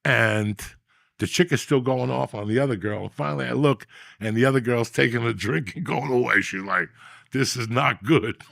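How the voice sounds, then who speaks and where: A man hosting a podcast, telling a long profane story in a loud, animated street manner. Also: mid-range voice, brisk, creaky, no echo, clean studio sound. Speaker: podcast host. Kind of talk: casual storytelling.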